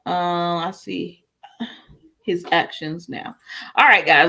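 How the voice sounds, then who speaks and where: A woman's voice: lowish voice, takes it slowly, gravelly, sharp tone. Chatty woman recapping a soap opera. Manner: chatty, retells scenes by quoting characters, answers viewer comments; laughs often, lots of fillers. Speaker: soap opera review host. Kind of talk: casual livestream recap and chat replies.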